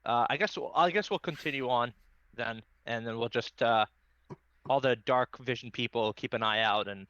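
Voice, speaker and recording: A man's voice: medium pitch, normal speed, pushed and bright, clean tone, no echo, highs cut off. A man playing a tabletop game, rambling and laughing as he talks about his character. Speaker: player. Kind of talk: casual tabletop role-play.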